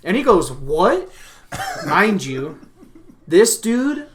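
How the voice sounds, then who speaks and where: A man hosting a podcast, telling a long, profane and animated story in a casual chat. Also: sits high, very slow, a crowd in the background. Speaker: podcast host.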